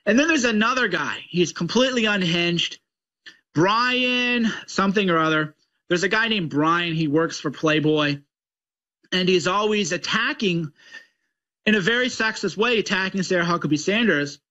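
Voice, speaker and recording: High, sharp-voiced mocking male ranter. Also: animated, normal speed, dull audio. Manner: mocking, combative. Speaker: political commentator. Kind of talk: ranting commentary.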